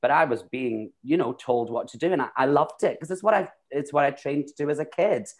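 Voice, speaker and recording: A Scottish man talking through his stories in a loose, chatty way, often restarting his sentences. His pitch sits in the middle for a man, neither deep nor high. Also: fairly quick, a little mellow. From Scotland. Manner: chatty, rambling, with frequent restarts. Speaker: guest, drag queen and actor. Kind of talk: casual chat.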